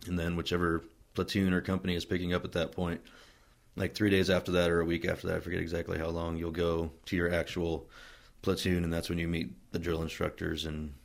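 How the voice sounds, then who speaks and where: A man from Wyoming, a Marine veteran being interviewed, telling his story in a relaxed, rambling way with many fillers and restarts. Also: deep voice, brisk, vocal fry. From Wyoming, USA. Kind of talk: casual oral-history storytelling.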